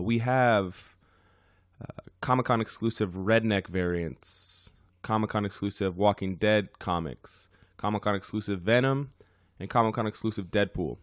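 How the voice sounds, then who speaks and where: A man hosting a podcast with a hoarse, worn-out voice, chatting casually with many fillers. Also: deep voice, no room sound, studio quality. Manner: rambling, frequent fillers. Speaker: podcast host.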